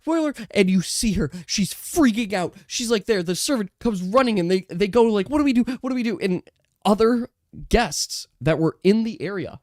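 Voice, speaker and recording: Game master running a tabletop game, lively and laughing, dry close mic, no room echo. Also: medium pitch. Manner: lively, laughing, quick asides to players.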